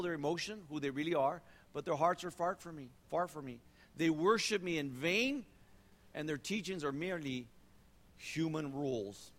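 Man preaching in an echoing church. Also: on the high side. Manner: conversational, animated preaching with repeated phrases. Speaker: pastor. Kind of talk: sermon. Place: church sanctuary. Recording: long reverb of a church hall.

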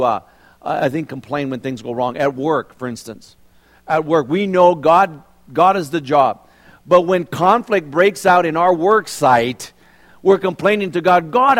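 A pastor with a voice on the high side preaches a sermon in a large, echoing hall with long reverb. He tells stories animatedly and poses rhetorical questions to the congregation.

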